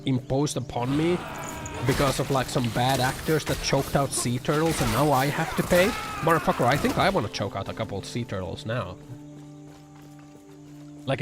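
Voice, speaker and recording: A man streaming live and chatting with viewers, sarcastic and profane, rambling with lots of fillers. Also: mid-range voice. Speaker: livestreamer. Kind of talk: casual livestream chat reacting to viewer comments. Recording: music bed under the voice. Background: music playing.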